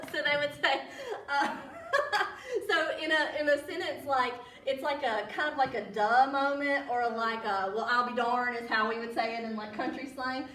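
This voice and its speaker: A woman with a Southern American accent talks casually to a library audience in a fairly high voice, laughing often and turning to quiz the room. Her voice sounds roomy and echoey. It was recorded from a distant mic. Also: moderate pace, fairly bright tone. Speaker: library guest speaker. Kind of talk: casual storytelling talk to an audience. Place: public library meeting room.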